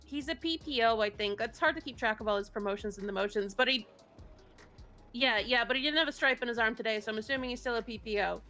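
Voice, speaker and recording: Bright high-voiced woman, blunt and scolding. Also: quick pace, faint music behind. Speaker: roleplay character from the mayor's office. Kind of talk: in-character roleplay phone call.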